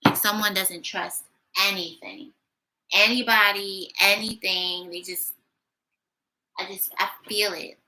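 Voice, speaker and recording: A woman giving a casual tarot reading, blunt and sassy, talking her thoughts out loud. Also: mid-range voice, steady tone, takes it slowly, long pauses, low-quality recording. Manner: blunt, sassy, thinking aloud. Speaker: tarot reader.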